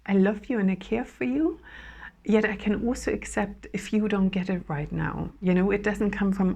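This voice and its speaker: A woman with a voice going hoarse, giving an earnest, flowing spiritual talk about channeled messages, with soft laughs and fillers. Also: medium pitch, steady tone, unhurried.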